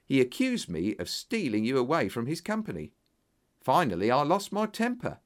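A man doing an effusive, flattering businessman. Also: medium pitch, moderate pace. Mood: persuasive. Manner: exclamatory, flattering, animated. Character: eager, effusive older male businessman. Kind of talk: audiobook character voice.

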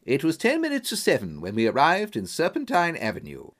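Man narrating a story, steady pace, pitch jumps around a lot. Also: fairly quick. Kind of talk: scripted audiobook narration.

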